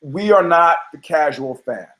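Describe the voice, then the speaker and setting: A man's voice: fairly high pitch, lively intonation, measured pace, fairly bright tone. A man hosting a show, giving brash, profane, rambling opinions on fights with many restarts. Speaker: podcast host. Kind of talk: casual opinionated commentary.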